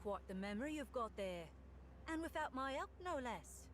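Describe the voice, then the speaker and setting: A woman's voice: sits high, lively intonation, normal speed, fairly bright tone. A woman with a British accent voicing a sardonic young female companion in a video game, dry and teasing.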